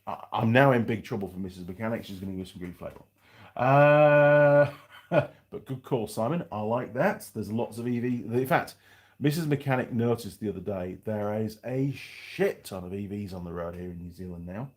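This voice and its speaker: A man talks with a fairly low voice on a casual live stream in his home workshop. He rambles as he answers viewer comments, often restarting a sentence or going off on a side thought. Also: normal speed. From United Kingdom. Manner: rambling and chatty, with frequent restarts and asides. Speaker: livestream host.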